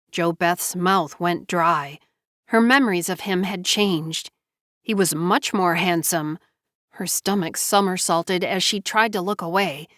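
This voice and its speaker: A woman narrating a family saga audiobook in a measured storytelling delivery. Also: fairly low pitch, a bit bright, dry recording, clean studio sound.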